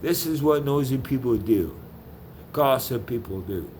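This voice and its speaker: A man's voice: medium pitch, lively intonation, moderate pace, slight background noise. A man in a heated, profane rant, repeating himself as he vents about a dispute. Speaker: vlogger. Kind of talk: angry rant to camera.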